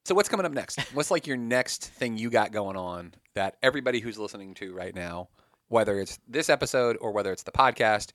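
A man's voice: on the low side, a little fast, no echo, studio quality. A man hosting a casual podcast interview, rambling through questions with lots of fillers. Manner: animated, rambling, laughs a lot. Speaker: podcast host.

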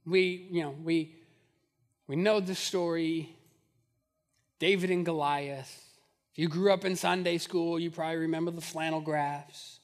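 A man's voice: fairly high pitch, steady tone, unhurried, long pauses, in a large hall. A man preaching a sermon, who speaks in a conversational, humorous way and builds to fervent repetition. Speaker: pastor.

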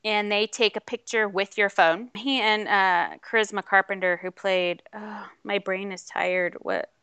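A woman's voice: medium pitch, fairly even intonation, measured pace, pushed and bright, smooth, no echo. A woman co-hosting a podcast, telling a rambling, chatty story with lots of fillers in casual chat. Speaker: podcast co-host.

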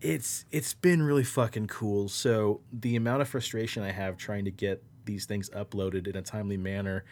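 A man's voice: fairly low pitch, steady tone, moderate pace, hardly any pauses, darkish tone. A man co-hosting a podcast in a loose, rambling, profane way, upbeat and chatty. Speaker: podcast co-host. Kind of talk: casual podcast chat.

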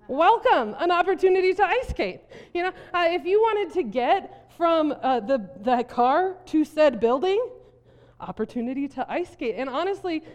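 A woman pastor from South Dakota preaching a sermon, telling a story animatedly with frequent laughter. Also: high voice. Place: church hall. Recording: long reverb of a hall.

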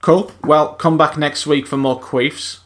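A man's voice: a little high, steady tone, measured pace, a little hiss or hum. A man hosting a podcast, upbeat and teasing his co-hosts in casual chat. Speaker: podcast host.

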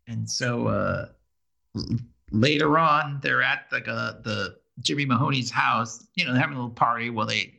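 A man's voice: mid-range voice, normal speed, gravelly, pushed and bright. A man in casual chat, animatedly retelling a TV episode and acting out the characters' lines.

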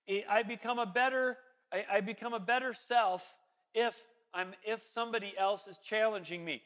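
A man's voice: high voice, fairly bright tone. A man, a pastor, telling a casual, self-deprecating story in a sermon, rambling with many fillers and restarts.

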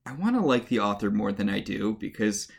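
Gravelly co-host with a dry wit. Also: medium pitch, very animated, brisk. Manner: wry, mock-voices characters when retelling. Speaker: podcast co-host. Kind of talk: casual recap chat.

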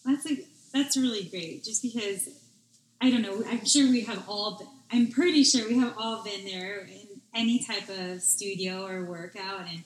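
A woman's voice: medium pitch, normal speed. Woman fitness instructor, chatty and full of fillers, roomy echo. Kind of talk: casual interview chat. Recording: echoey room.

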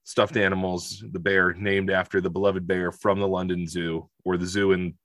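Bright-voiced joking man. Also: low voice, no echo. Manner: animated, joking, quick to correct himself. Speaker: podcast co-host. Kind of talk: casual chat.

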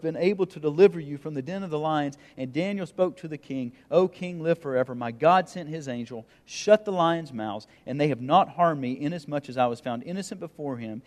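A male pastor delivering a sermon in a church sanctuary, his voice sitting a little higher than most men's. He reads scripture aloud and slows down on key phrases. His voice swells and drops for emphasis, carried by the long reverb of a big hall. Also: expressive, darkish tone.

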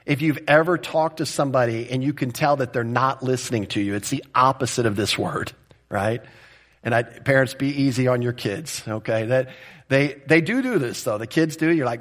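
A man's voice: mid-range voice, normal speed. Conversational male pastor preaching. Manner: conversational, direct, often asks the listeners "right?". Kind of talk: expository sermon.

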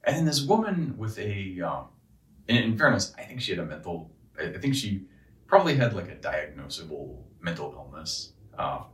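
Deep-voiced man ranting profanely, roomy. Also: sing-song, moderate pace, a bit bright, distant mic. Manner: profane, exasperated, rambling with restarts. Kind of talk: casual rant.

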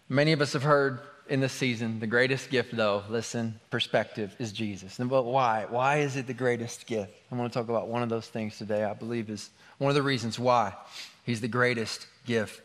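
A married adult pastor delivers a sermon in a large hall, bantering informally with the congregation before turning to prayer and a scripture reading. His medium-pitched, fairly bright voice is a little fast, with fairly even intonation. The hall adds long reverb.

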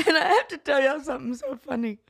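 A woman co-hosting a podcast in casual chat, telling stories with animated flair. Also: high voice, quick pace, creaky, no room sound, studio quality. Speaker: podcast co-host.

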